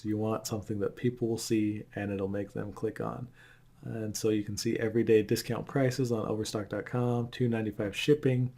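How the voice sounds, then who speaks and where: A man's voice: on the low side, mellow. A man narrating a screen-recorded tutorial, explaining plainly and walking through examples step by step. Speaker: online course instructor.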